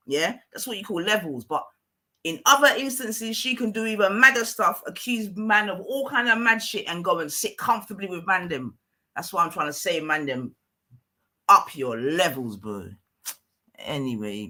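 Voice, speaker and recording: A woman's voice: on the low side, lively intonation, moderate pace, pushed and bright. A woman ranting on her own live stream, emphatic and repetitive, often asking the listener whether they follow. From London.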